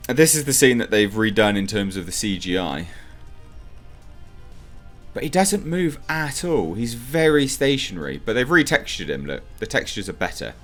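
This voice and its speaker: A very animated man with a fairly low, slightly bright voice reviews a movie trailer at normal speed, soft music playing behind him. His commentary is a casual, opinionated reaction that wanders as he thinks out loud, filled with ums.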